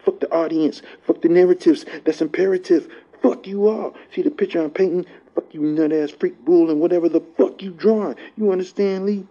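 A man's voice: high voice, brisk, hardly any pauses, dark tone. A man rapping a battle verse, hurling aggressive, cursing insults at his opponent. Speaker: battle rapper. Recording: dull lo-fi recording.

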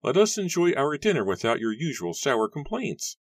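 A man voices a jovial, portly older farmer who speaks heartily and cheerfully, pitching the character above his own natural voice. The delivery is medium in pitch, sing-song and moderately paced, recorded dry with clean studio sound.

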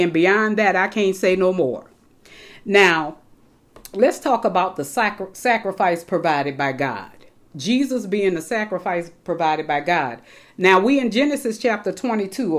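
A woman preaching a sermon to her congregation, reading scripture aloud and explaining it with casual, animated asides. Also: lowish voice.

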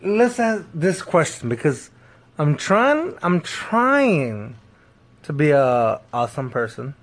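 A man in a casual chat, telling a story in an excitable way, with frequent restarts and laughs. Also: on the high side, takes it slowly. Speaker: podcast co-host.

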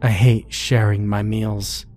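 Man doing a playful killer clown woman, teasing menace, low and unhurried. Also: little pitch movement, a little mellow, soft background music. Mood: gleeful menace. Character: sadistic playful female cannibal clown.

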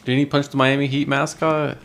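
A man in casual podcast chat, hesitant and rambling, scattering "like" through his sentences. His voice sits at an ordinary middle pitch. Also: little pitch movement, fairly quick, creaky, a bit bright. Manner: hesitant, lots of "like".

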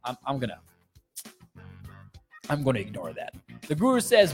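A man's voice: fairly high pitch, sing-song, moderate pace, long pauses, soft background music. A young man hosting a sports livestream, reading viewer comments aloud in an upbeat, chatty way and laughing often. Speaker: sports podcast host.

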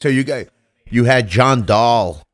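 A man's voice: mid-range voice, measured pace, a bit bright. A man hosting a podcast, easygoing, with short agreeing replies and brief questions. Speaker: podcast host. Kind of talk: casual podcast conversation.

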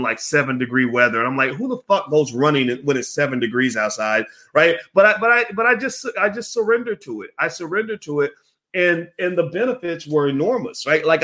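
A man hosting a casual commentary monologue, animated and profane, with many restarts. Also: fairly high pitch. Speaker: host.

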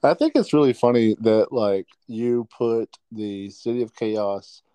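A man's voice: mid-range voice, measured pace, warm tone, smooth, dry recording, rough recording. A man co-hosting a podcast over the phone, rambling hesitantly with many fillers. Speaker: podcast co-host calling in. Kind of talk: casual chat.

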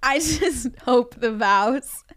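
A woman's voice: a little high, slow, a crowd in the background. A young woman co-hosting a casual podcast, chatty and giggly. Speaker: podcast co-host. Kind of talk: casual couple chat.

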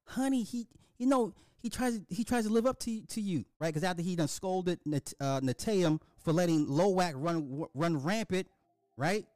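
A man giving an animated, emphatic casual recap of a movie, repeating himself for effect. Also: high-pitched, normal speed, dry recording, clean studio sound. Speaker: movie reviewer.

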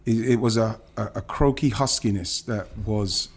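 A man's voice: fairly low pitch, normal speed, breathy edge. A man, a former footballer, recounting his career in an emotional podcast interview, with many restarts and some swearing.

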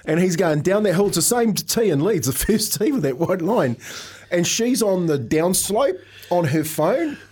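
A man on a radio studio mic spins a golf story in easy chat, his voice sitting a little higher than most men's. He laughs his way through the tale. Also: big pitch swings, moderate pace, darkish tone, husky. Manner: laughs often while telling stories. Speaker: radio co-host. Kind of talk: casual studio chat, telling anecdotes.

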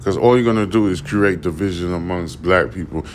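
A man hosts a podcast, delivering blunt, profane casual commentary full of fillers and repeats. He has a deep voice and talks briskly. A little hiss or hum is audible.

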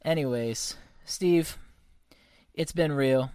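A man's voice: medium pitch, takes it slowly, clear, resonant tone. A man hosting a podcast from home, telling stories in casual chat, cursing freely and acting out the people he quotes. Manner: profane, animated storyteller acting out quotes. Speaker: podcast host.

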